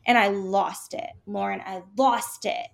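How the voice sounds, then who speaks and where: A woman's voice: medium pitch, measured pace, creaky. A young adult woman co-hosting a chat show, telling a story with many fillers and acted-out quotes. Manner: animated, lots of "like" fillers, acts out quotes. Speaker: podcast co-host.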